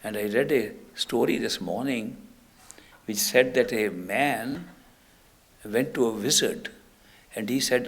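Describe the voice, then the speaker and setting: A man's voice: medium pitch, a little slow, fairly bright tone. An older man, giving a spiritual talk and telling stories in an anecdotal, emphatic way. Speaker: spiritual teacher.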